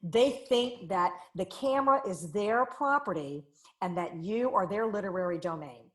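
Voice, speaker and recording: A woman's voice: mid-range voice, expressive, moderate pace. A woman in her forties hosting a conversational interview, talking in long, emphatic runs. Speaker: podcast host.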